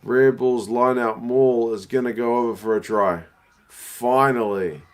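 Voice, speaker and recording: A young New Zealand man chatting casually as he watches rugby live, reacting loudly and answering viewer comments. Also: medium pitch, measured pace. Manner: excitable, slangy, reads out viewer comments.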